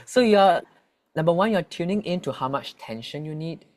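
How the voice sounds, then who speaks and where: Singapore voice coach guy, patient, explains stuff slowly, keeps restarting his sentences. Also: a little high, animated. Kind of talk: interview explanation.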